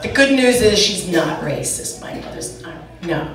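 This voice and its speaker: A woman from New York doing brash, animated stand-up comedy, acting out her stories. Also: lowish voice, moderate pace, a crowd in the background. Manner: brash, animated, acts out quotes. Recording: roomy club sound, distant mic, audience.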